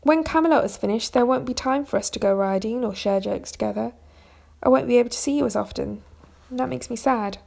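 A woman's voice: fairly high pitch, a little fast, gravelly, darkish tone. A woman reading the part of an eager young male king who blurts out his feelings. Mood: wistful.

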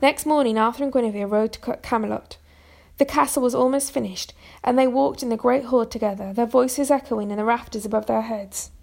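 A woman narrating a storybook chapter in a steady reading voice, with small restarts now and then. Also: a little high, fairly quick, vocal fry, few pauses.

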